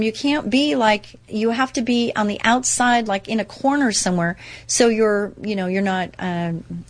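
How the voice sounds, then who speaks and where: A woman sharing a personal recovery story in a casual, earnest, upbeat way, full of fillers and restarts. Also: fairly low pitch.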